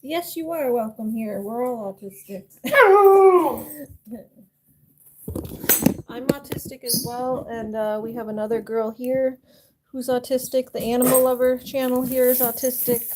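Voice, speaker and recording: A woman's voice: high-pitched, unhurried, pauses often, background noise. A young woman streaming live, chatting casually and cooing to her pets. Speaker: livestreamer.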